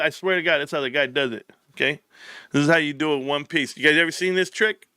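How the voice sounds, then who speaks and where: A man's voice: on the high side, moderate pace, pauses often, smooth, dry recording, studio quality. A man hosting a live stream in casual chat, rambling, joking and swearing a lot. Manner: profane, rambling, joking, laughs loudly.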